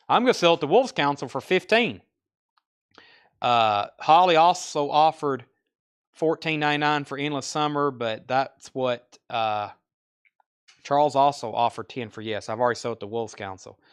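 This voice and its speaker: A man's voice: medium pitch, clear, resonant tone. A man with a Southern US accent hosting a live online record sale, rattling off album titles and prices with chatty asides in casual sales patter.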